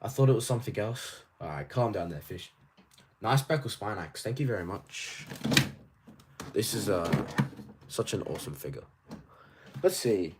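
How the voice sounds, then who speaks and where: A man with an Australian accent chatting casually on a livestream, reading viewers' questions aloud and answering in a rambling, animated way. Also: on the low side, noisy background. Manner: rambling and animated, quick asides. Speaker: toy collector streamer.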